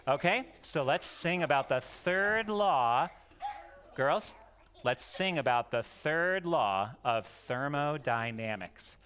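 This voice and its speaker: A homeschooling dad gives his young daughters a playful lesson, coaxing them to repeat words and joking as he goes. His voice is a little high, with lively intonation, a slow pace and a fairly bright tone, and his manner is goofy, jokey and coaxing.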